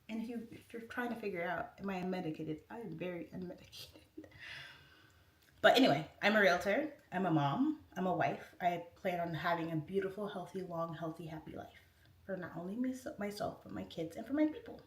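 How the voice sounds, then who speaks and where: A woman's voice: lowish voice, expressive, fairly quick. Chatty woman livestream host, rambling "like"-heavy delivery, recorded from a distance in an echoey room. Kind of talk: casual livestream chat, reading out comments. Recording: roomy echo, distant mic.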